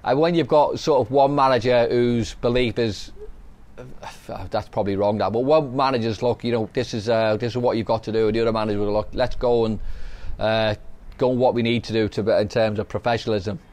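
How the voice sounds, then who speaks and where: A man's voice: medium pitch, steady tone, fairly quick, darkish tone. A middle-aged man, telling anecdotes on a casual podcast and laughing as he goes. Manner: chatty, anecdotal, laughs while telling stories. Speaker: podcast host, former footballer. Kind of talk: casual storytelling chat.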